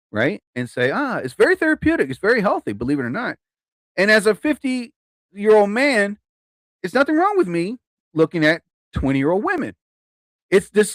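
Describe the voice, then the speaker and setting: A chatty man in his fifties tells stories to a live-stream audience in a casual way. His slightly high voice swings up and down as he laughs at his own jokes, and the sound is dry and close, with no room sound at all.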